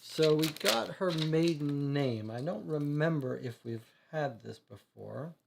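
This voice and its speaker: Brief: man with a creaky, gravelly voice, hesitant and questioning as he puzzles through a case. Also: on the high side, expressive, slow, noisy background. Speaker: streamer playing a detective board game. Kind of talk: thinking aloud and reading case text.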